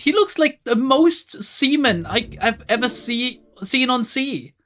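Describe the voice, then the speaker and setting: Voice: sits high, sing-song, takes it slowly, fairly bright tone, soft background music. A streamer giving casual let's play commentary in an exasperated, sarcastic tone, often swearing.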